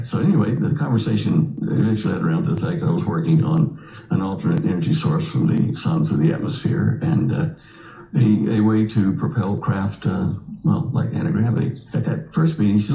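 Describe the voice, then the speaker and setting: A man's voice: fairly low pitch, animated, a little fast, creaky, warm tone, roomy sound, rough recording. An older man telling a long personal story as an interview guest, rambling with many fillers and restarts.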